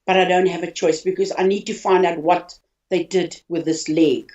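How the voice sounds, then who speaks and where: An older woman from South Africa telling of her own hospital ordeal in a halting, emotional way, often repeating words. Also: on the low side, steady tone, darkish tone. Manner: halting, repeats words, voice rising when upset. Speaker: interviewee, hospital patient. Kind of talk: emotional personal account. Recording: dull lo-fi audio.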